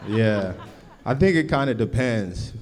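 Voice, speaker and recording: A man's voice: on the low side, lively intonation, a little slow, a crowd in the background, background noise. A man from Los Angeles doing a stand-up comedy set before a live audience, with a laid-back, punchy delivery and slangy asides.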